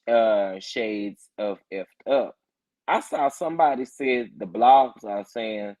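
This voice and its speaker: A man hosting a casual morning chat, reacting to viewer comments and getting emphatic and loud when worked up. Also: medium pitch. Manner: animated, emphatic, rising to loud protest when fired up. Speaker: reality TV commentary host.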